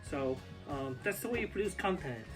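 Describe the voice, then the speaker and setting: A man talks off the cuff to his viewers, rambling from one thought to the next in a slightly high voice. He records in his home basement on an ear pod, with music clearly playing under his talk. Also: lively intonation, normal speed. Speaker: YouTube food reviewer. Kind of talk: casual unscripted vlog talk.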